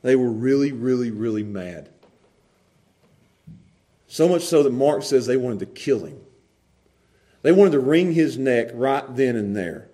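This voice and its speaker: A man preaching a sermon, animated, moving between quiet asides and loud, laughing bursts. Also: medium pitch, measured pace, pauses often. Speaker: pastor.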